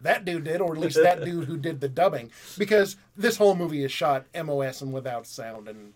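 A man's voice: fairly high pitch, lively intonation, fairly quick. A man hosting a casual movie review chat, joking and swearing while he reads from the box. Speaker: podcast host.

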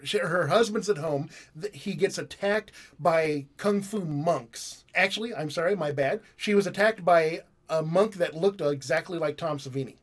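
A man hosting a casual movie review chat, joking and swearing while he reads from the box. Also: fairly high pitch. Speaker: podcast host.

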